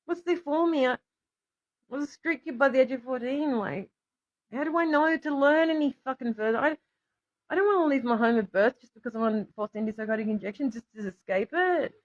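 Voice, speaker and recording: An Australian woman with a high-pitched voice rambles briskly to her livestream viewers, the audio dull. As a vlogger she's emotional and swears freely, answering commenters as she goes.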